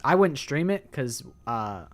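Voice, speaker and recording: A man's voice: mid-range voice, sing-song, a little slow, faint music behind. A young man streaming a game, chatting casually, rambling and swearing with lots of fillers.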